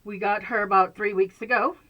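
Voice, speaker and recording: A woman's voice: medium pitch, fairly even intonation, a little fast, highs cut off. Woman, casual home vlog, rambling, many fillers, frequent laughs. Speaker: vlogger. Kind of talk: casual chat to camera. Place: bedroom at home, indoors.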